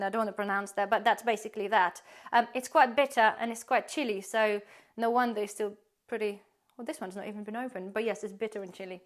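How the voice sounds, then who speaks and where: A woman, giving a chatty, rambling tour of her pantry and laughing often. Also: on the high side. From UK-based. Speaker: prepping vlogger.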